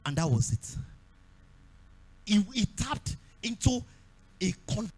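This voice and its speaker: A man with a Nigerian accent preaching a sermon at a church service, repeating phrases and breaking into shouts. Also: high-pitched, big pitch swings, slow pace, slightly rough. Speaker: pastor.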